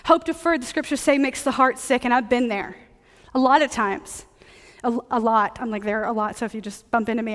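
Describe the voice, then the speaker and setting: A woman pastor preaching a sermon in a relaxed, conversational way, joking with her congregation. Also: high-pitched, long reverb tail.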